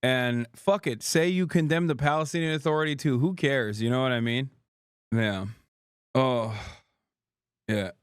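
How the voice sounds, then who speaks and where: A man's voice: medium pitch, measured pace, pauses often, smooth, no room sound, clean studio sound. A man hosting a livestream reaction, talking in a sarcastic, mocking way. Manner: sarcastic, mocking, laughs often. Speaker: streamer host.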